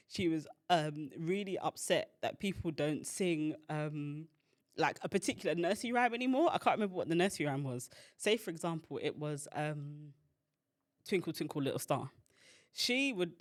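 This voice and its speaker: A woman hosting a podcast, telling a personal story in a chatty way, full of fillers and acted-out quotes. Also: fairly low pitch. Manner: chatty, filler-heavy, acts out quoted voices. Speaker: podcast host and founder.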